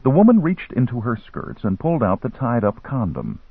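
A man narrating a novel in a measured, dramatic storytelling manner. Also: medium pitch, wildly swooping pitch, slightly rough, dry recording. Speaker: audiobook narrator. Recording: tinny phone-like line, dry.

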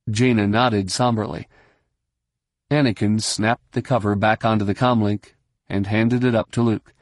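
A male narrator with a lowish voice reads a science fiction novel in measured, even tones. He sits close to the microphone, and the sound is dry and dead with no room around it. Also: dry recording. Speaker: audiobook narrator. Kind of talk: scripted narration.

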